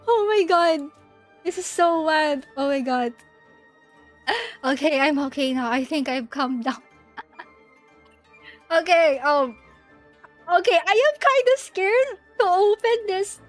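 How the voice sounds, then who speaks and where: A young woman VTuber chatting casually with her viewers while gaming, giggly and excitable, shrieking in panic at the game. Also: high-pitched. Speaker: VTuber streamer. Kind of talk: casual live-stream chat while gaming.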